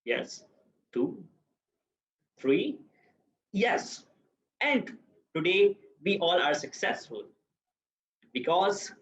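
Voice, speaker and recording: A man's voice: high voice, very animated, a bit bright. A young man in his twenties with a Pakistani accent gives a prepared speech at a speaking club, often repeating words as he searches for the next phrase. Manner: halting, repeats many words while searching. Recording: echoey, muffled room recording.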